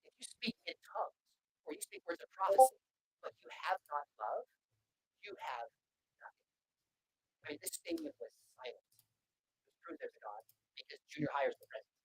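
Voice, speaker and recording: A man giving a storytelling talk to students, his pitch leaping all over as he acts out each quoted voice. He moves along at a brisk clip. His voice is a touch husky. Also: wildly swooping pitch, no echo, rough recording. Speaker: speaker at Christian schools.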